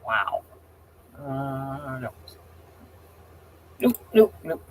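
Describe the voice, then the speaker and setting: A man's voice: medium pitch, big pitch swings, very slow, darkish tone, a little hiss or hum. A man hosting a casual livestream, rambling, getting heated and exasperated as he talks. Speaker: livestream host.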